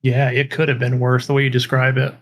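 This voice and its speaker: A man's voice: medium pitch, monotone, a little fast. Guy cohosting a podcast, mostly chiming in with yeahs and rights. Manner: brief agreeing responses. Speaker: podcast co-host. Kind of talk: casual chat.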